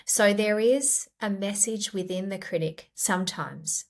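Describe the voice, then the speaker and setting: A middle-aged woman, a clinical psychologist, explaining ideas gently in a podcast interview. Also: medium pitch, a little slow. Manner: gentle, explanatory, acts out quoted inner voices.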